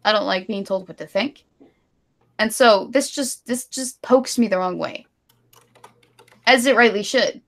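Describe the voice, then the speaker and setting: A woman's voice: medium pitch, a little slow, long pauses. A woman co-hosting a casual live stream, ranting with strong opinions and reading viewer donations. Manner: opinionated ranting, then giggly and apologetic. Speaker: stream co-host.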